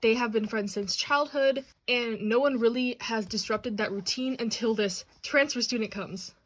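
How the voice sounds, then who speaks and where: A woman's voice: fairly high pitch, normal speed. Bubbly young woman gushing over a haul. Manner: bubbly and gushing, excitable asides. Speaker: channel host. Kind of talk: manga haul and unboxing vlog.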